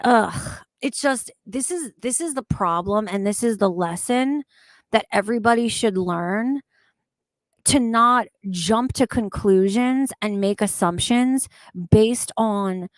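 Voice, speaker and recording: A woman's voice: mid-range voice, no room sound. A woman co-host earnestly explaining her view in casual chat.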